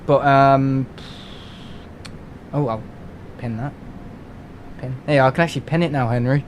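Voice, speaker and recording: English guy rambling on his live stream, mid pitch, faint rumble behind. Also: steady tone, a little slow. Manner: chatty, rambling, many restarts and fillers. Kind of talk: casual live-stream chat.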